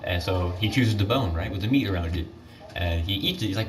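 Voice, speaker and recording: A teenage boy rambles through a story mid-game, piling up fillers and correcting himself as he goes. His voice sits somewhat low. The mic is set back from him, and steady noise runs underneath. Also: a little fast. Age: teens. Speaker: gamer retelling myths. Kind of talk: casual gaming commentary. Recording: distant mic with clear background noise.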